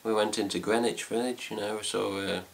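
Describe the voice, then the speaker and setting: A man with an English accent and a very low, gravelly voice chats casually at home. He rambles through the story with lots of fillers and mild swearing, in a relaxed vlog style. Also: a little fast. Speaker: fan site vlogger. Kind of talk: casual chat.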